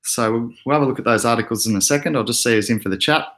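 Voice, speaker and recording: Laid-back young Australian guy, mid-pitched, easygoing livestream host who chats and laughs with viewers. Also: very fast. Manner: relaxed, chatty, laughs often, reads chat aloud. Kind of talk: casual livestream chat.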